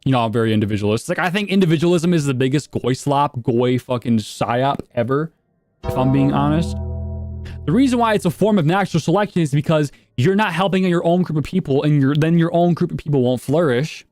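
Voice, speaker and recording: A man's voice: fairly high pitch, a little fast, darkish tone, faint music behind. A man streaming live and reacting to videos in blunt, profane, rambling casual commentary.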